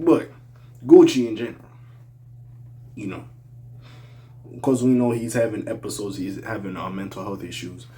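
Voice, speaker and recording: A young man with a slight accent riffs through casual opinion commentary for his channel. His mid-pitched voice swings between loud, incredulous outbursts and low, mumbled asides. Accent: slight regional accent. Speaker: hip-hop commentary vlogger.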